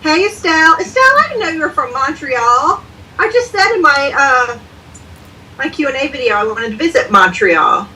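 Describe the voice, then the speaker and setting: A woman's voice: high voice, big pitch swings, normal speed, sharp tone, far from the mic, slight background noise. A woman co-hosting a book club livestream over a video call, talkative and joking. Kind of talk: casual chat.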